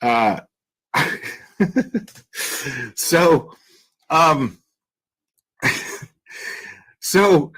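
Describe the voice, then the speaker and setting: A man's voice: medium pitch, extremely slow, pauses often, pushed and bright, low-quality recording. Rambling man hosting a commentary stream. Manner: rambling, filler-heavy, blunt and crude. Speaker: commentary channel host. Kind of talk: casual livestream commentary.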